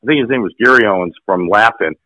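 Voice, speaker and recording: A man in his sixties, an actor guest, telling profane, animated stories in casual chat. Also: fairly low pitch, quick pace, rough recording. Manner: profane, animated, acts out quotes. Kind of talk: casual storytelling.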